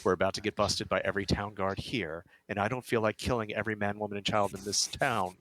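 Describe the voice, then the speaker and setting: A man in a tabletop game gives blunt, commanding orders to the group. His voice sits low, and the recording is close and dry. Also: fairly even intonation, quick pace, a bit bright, dry recording, low-quality recording. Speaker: player.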